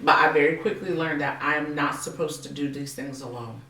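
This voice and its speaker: A woman hosting a casual faith-based interview, animated and playful, acting out quotes with big jumps in her voice. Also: sits low, brisk, echoey room, distant mic, a little hiss or hum, low-quality recording. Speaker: podcast host.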